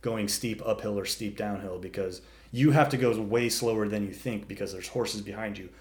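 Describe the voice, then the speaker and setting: A man telling a long story in casual chat, animated and swearing freely as he acts out the animals. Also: fairly low pitch, normal speed.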